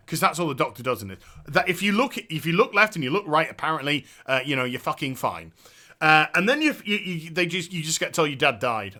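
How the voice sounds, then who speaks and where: Male host, lively high voice with sharp edge, swearing and sarcastic rant. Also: brisk. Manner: profane, sarcastic, exasperated. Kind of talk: ranting game review.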